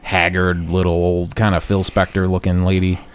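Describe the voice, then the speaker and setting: A man co-hosting a casual chat show, telling a profane story and loudly acting out what people said. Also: deep voice, normal speed, a little hiss or hum. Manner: profane, animated storyteller, loud acted-out quotes.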